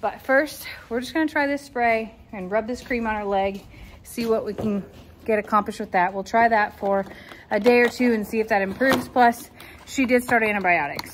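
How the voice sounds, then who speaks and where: A woman's voice: on the high side, a little hiss or hum. A woman caring for farm animals, chatting casually for a vlog and talking sweetly to the animals outdoors.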